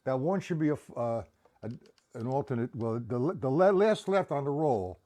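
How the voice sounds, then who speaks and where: A man's voice: mid-range voice, sing-song, normal speed, background noise. A man teaching a live-streamed drum lesson, counting beats aloud and checking in with viewers.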